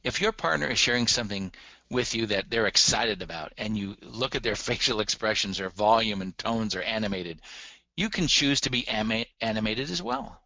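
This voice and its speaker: Emphatic male lecturer, bright and dry. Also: lowish voice, expressive, moderate pace, creaky, dry recording, muffled recording. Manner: earnest, emphatic, addresses audience directly. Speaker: relationship communication instructor. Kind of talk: recorded lecture.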